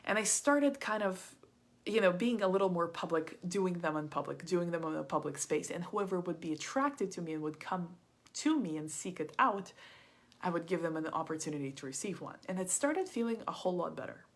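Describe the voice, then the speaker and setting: A woman leads a live masterclass and tells a personal story in a loose, chatty way. Her voice sits on the low side for a woman and has a husky, breathy edge. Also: animated, fairly quick. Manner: chatty, frequent "like" and "kinda". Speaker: business coach.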